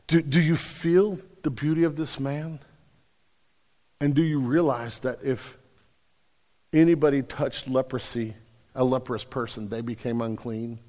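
A man's voice: medium pitch, a little slow, pauses often, darkish tone. A man preaching a sermon as pastor, conversational and emphatic, stumbling on repeated words. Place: church sanctuary. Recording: long reverb in a large hall.

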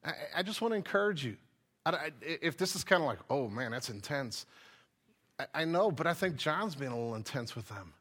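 A man preaching a sermon in a loose, conversational style. His voice sits high for a man and has a bright, forward edge, and he talks easily and informally. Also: animated, quick pace. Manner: casual, chatty preaching with frequent fillers. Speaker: pastor.

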